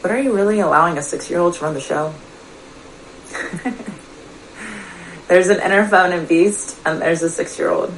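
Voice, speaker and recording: A woman with a lowish voice gives an earnest, confiding motivational talk. She speaks as a coach, turning often to ask her listeners pointed questions. A faint hiss sits under her voice. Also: normal speed, long pauses, rough recording. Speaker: personal development coach. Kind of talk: motivational direct-to-camera talk.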